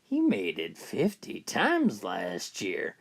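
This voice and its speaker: A man voicing a teasing wife in a joke, in a slow, lowered voice. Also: wildly swooping pitch, husky, exaggerated voice. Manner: teasing, nudging.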